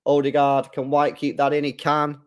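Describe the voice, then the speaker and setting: A man hosting a live football watchalong, chatting casually, reading viewer comments and getting loud when play heats up. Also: on the high side, normal speed, smooth. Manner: chatty, swings from mumbling to excited shouting. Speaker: live stream host.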